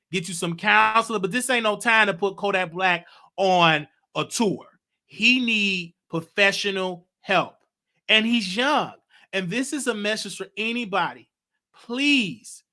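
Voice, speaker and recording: Covering celebrity news on his talk show, this man sits high in pitch. His commentary is lively and emotional, full of stretched-out phrases and bursts of laughter.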